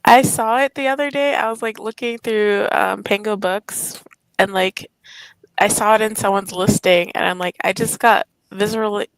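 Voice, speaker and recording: A woman's voice: mid-range voice, fairly even intonation, moderate pace, no room sound, low-quality recording. Candid woman in a dry-sounding book chat. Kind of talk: casual book discussion.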